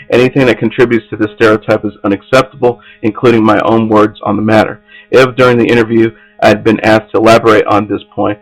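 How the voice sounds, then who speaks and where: A man's voice: lowish voice, rough recording. A man hosting an entertainment news podcast, reading stories aloud with frequent slips and restarts.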